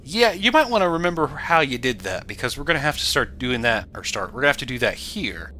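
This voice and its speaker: A man giving casual, animated commentary over his gameplay, now and then yelling at the game. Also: mid-range voice, fast, slight background noise. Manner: animated, bursts into loud excited yelling at the game. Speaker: let's play commentator.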